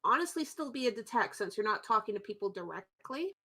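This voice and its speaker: A woman's voice: mid-range voice, very animated, brisk, pushed and bright. A woman narrating a tabletop game as game master, loose and chatty with frequent fillers.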